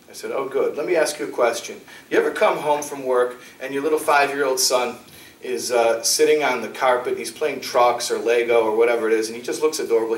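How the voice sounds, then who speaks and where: Animated rabbi lecturing in a roomy hall. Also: male voice. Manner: animated, acts out dialogue with shifting pitch. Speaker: rabbi giving a talk. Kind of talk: lively storytelling lecture. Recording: roomy, distant mic in a hall.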